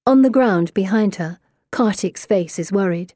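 A woman reading a first-person audiobook in a measured, even way. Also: medium pitch, no echo, studio quality. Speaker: audiobook narrator. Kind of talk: scripted first-person narration.

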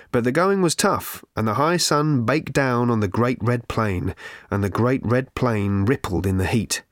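A man reading a novel aloud as its narrator, in a measured, dry manner. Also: medium pitch, dry recording. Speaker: audiobook narrator. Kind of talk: scripted narration.

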